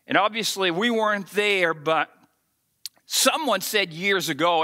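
A male pastor preaches with lively storytelling, acting out the characters as he goes. His voice sits high and sounds sharp and bright. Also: measured pace. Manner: animated storytelling, acts out the scripture. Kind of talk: sermon.

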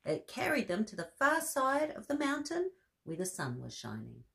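A woman reading a bedtime story aloud to children, expressive, with soft gasps and friendly asides. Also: a little high, normal speed, gravelly.

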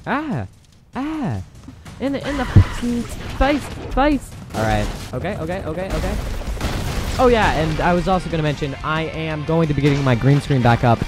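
Hyped young guy doing let's play commentary, kinda high voice, game music and gunfire blasting behind. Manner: excitable, exclaiming and laughing at the game. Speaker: gameplay commentator.

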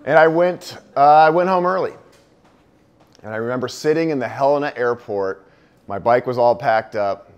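A man giving a talk to an audience, telling a personal story in an earnest, heartfelt way, his voice dropping low and soft on the sad parts. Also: moderate pace, clear, resonant tone, dull audio. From United States. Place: indoor venue with a live audience.

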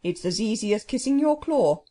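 A grand, know-it-all male phoenix from a storybook, speaking in slow, stately, formal phrases, as a woman narrator puts him on. The voice rises and falls in lively swoops and has a slightly husky edge. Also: mid-range voice, close to an everyday voice. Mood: lofty. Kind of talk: storybook reading.

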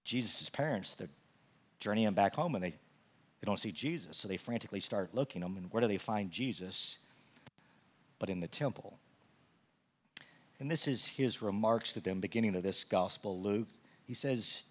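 A man's voice: lowish voice, moderate pace, pauses often. Man preaching, repeating words as he builds. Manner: repeats words when excited, builds to loud animated storytelling. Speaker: pastor. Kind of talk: sermon.

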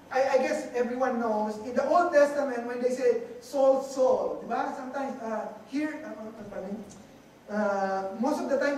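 A preacher with a Filipino accent, giving a halting sermon that mixes Tagalog into English and often repeats words. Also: sits high, slight background noise. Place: church hall. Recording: echoey hall from far off, faint ambience.

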